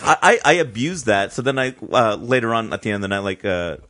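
A man's voice: lowish voice, fast, background noise. A man telling a funny story on a podcast, full of "like" and "um", acting out the other people's lines in a raised voice. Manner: animated storyteller, acts out quotes in a raised voice. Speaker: podcast co-host. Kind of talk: casual storytelling.

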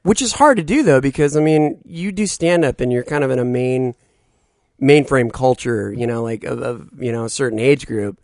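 A man's voice: medium pitch, expressive, moderate pace, a little mellow, no room sound, clean studio sound. A man hosting a casual podcast, easygoing, laughing often as he talks. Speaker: podcast host.

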